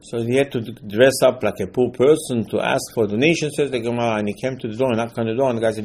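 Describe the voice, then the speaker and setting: Gravelly emphatic man giving a sermon. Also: mid-range voice, steady tone, fast talker, few pauses. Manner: emphatic, rising to loud bursts, non-native grammar. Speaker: rabbi.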